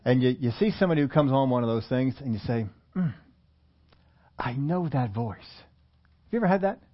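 A man's voice: medium pitch, animated, quick pace. A man preaching a sermon in a conversational way, often asking his listeners questions. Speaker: pastor. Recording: muffled lo-fi recording.

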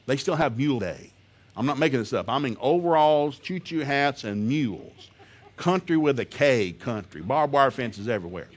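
A man telling a humorous story to an audience, animated and laughing often as he talks. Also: mid-range voice, normal speed. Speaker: speaker.

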